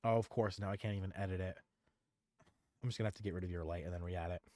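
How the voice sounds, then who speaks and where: A man's voice: low voice, steady tone, racing, darkish tone, dry recording. A young man narrating as game master of a tabletop game, rambling and restarting words.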